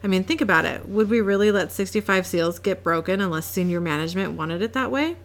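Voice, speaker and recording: A smug, scheming male angel, glib and mocking, unhurried delivery, mid-pitched voice, read plainly by a woman. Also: close to an everyday voice.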